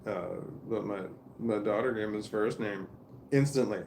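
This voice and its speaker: A man with a low, gravelly voice tells a long family story in loose, profane, rambling sentences, often restarting mid-thought. A faint hiss of noise sits under the recording. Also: normal speed, darkish tone. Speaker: vlogger telling a family story. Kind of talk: casual storytelling monologue.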